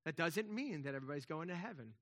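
Male pastor, sermon, bright tense tone, fairly high voice, conversational with emphatic swells. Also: moderate pace. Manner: conversational preaching, emphatic swells, many restarts.

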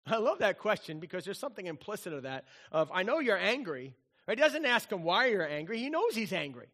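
Bright-voiced animated preacher man. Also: high-pitched, fairly quick. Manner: animated, conversational, acts out voices. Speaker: pastor. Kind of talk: sermon.

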